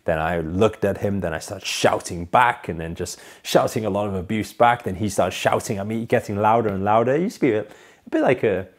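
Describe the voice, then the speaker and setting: A man telling a personal story as a monologue, earnest, rising to emphatic peaks and then dropping low and soft. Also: brisk.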